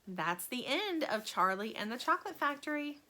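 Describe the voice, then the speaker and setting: Woman storyteller, children's book read-aloud, lively and bright. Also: high voice, normal speed. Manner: animated, friendly.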